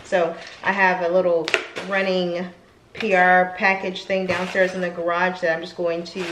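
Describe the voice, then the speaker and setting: A talkative woman in her thirties rambles to camera at home in a casual vlog. Her voice sits a little low, and the room around her rings with echo. A faint hiss runs underneath. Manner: chatty, rambling, gets emotional at times. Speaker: lifestyle vlogger. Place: home, indoors. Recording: echoey room.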